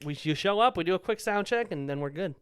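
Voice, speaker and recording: Give me a young comedian chatting on a podcast, animated, slightly high-pitched and crisp. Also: male voice, fast talker. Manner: animated storyteller who jumps to high squeaky quoted voices. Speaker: podcast co-host; stand-up comedian. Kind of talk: casual chat.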